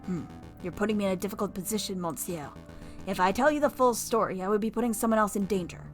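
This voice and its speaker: A woman's voice: mid-range voice, fast talker, faint music behind, natural voice. A woman voicing a sly male fox thief in a visual novel, speaking in a theatrical, evasive manner. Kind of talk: reading a visual novel aloud.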